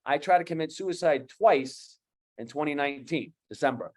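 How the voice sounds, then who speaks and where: A man in his fifties with a Boston accent, speaking as a guest coach on an online talk show, animated and emphatic, repeating key phrases. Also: a little high, moderate pace. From USA. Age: 50s.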